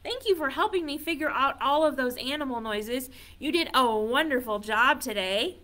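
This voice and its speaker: A woman's voice: sits high, moderate pace, sharp tone. A woman reading a picture book aloud to toddlers as a children's librarian, playful and sing-song, coaxing the little ones to join in.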